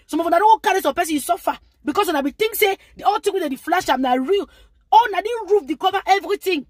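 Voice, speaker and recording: A woman's voice: extremely high pitch, animated, fast talker, no echo, studio quality. A woman with a Nigerian accent giving rambling, lecturing advice in a casual live-stream monologue. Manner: rambling, lecturing, with frequent asides.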